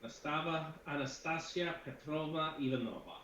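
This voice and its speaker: A man with a slightly high voice runs a tabletop game, rambling through his narration with plenty of fillers and restarts. He sounds like he is in an echoey room on a dull, lo-fi recording. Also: normal speed, pushed and bright, a little hiss or hum. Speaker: game master.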